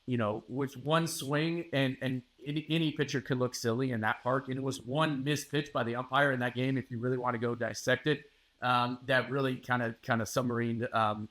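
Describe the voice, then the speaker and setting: A man guest on a sports podcast giving confident, emphatic analysis at a measured pace. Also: medium pitch, fairly bright tone. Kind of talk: interview analysis.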